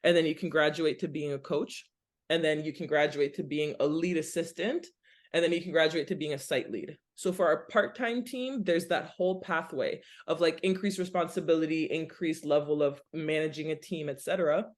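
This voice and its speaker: A young adult woman, a podcast guest, explaining her work in an earnest, conversational way and listing points in steady runs. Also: low voice, moderate pace. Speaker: basketball nonprofit director, podcast guest. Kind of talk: casual interview talk.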